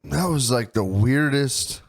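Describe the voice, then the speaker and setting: A man's voice: medium pitch, takes it slowly, creaky. Guy in his 30s goofing around on a podcast, explaining stuff and ribbing his buddy, normal mid voice. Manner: teasing, joking, mocks his friend in put-on voices. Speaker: podcast co-host. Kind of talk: casual banter.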